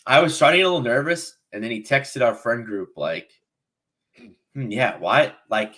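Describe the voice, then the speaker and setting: A young man co-hosting a fan podcast, retelling a match in a rambling, animated way. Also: medium pitch, quick pace. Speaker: podcast co-host. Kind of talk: casual chat.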